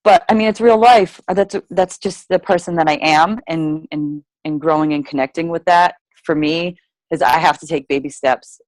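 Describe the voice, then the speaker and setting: A woman's voice: sits low, moderate pace, darkish tone, no room sound. A young woman casually telling her fitness story, chatty, full of "like", acting out her own past words. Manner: chatty, lots of "like", acts out own quotes. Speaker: guest sharing fitness story. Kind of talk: casual personal testimony.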